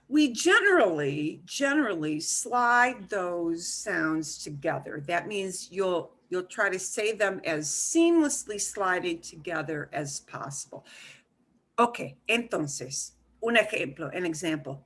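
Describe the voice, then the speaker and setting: Slow, bright-voiced woman teaching a class. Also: medium pitch. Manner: patient, explains slowly with repeats and fillers. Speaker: Spanish teacher. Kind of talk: online class instruction. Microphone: video call.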